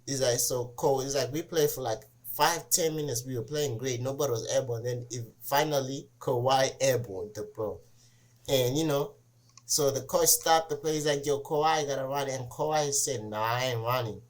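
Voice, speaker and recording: A man hosting a casual sports podcast who tells stories with lots of "he's like" and acts out the quotes. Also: normal speed. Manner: animated storyteller, acts out quotes with rising pitch. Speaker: podcast host.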